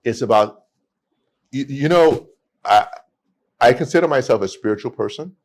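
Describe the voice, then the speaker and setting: A man, a podcast guest telling stories in a lively way with many restarts. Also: medium pitch, moderate pace. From United States. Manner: animated storytelling with many restarts. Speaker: guest, immigration attorney. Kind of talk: casual podcast conversation.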